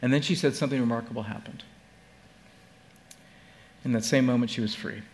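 A man preaches a sermon in an earnest storytelling manner, pausing and restarting mid-phrase as he goes. He shifts between telling the story and leading a prayer. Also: mid-range voice, a little mellow, a little hiss or hum. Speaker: pastor.

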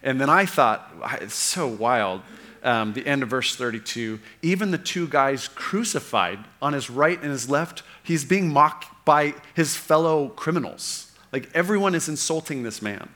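Man, preacher, earnest sermon, fillers and restarts, bright forceful tone. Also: medium pitch, animated, unhurried.

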